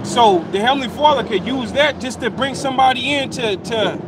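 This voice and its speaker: A man's voice: very high voice, a little fast. A man in casual conversation about faith, agreeing often and chiming in with his own thoughts. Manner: agreeable, chimes in, animated. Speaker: street preacher. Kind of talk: casual religious chat outdoors. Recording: outdoor street noise.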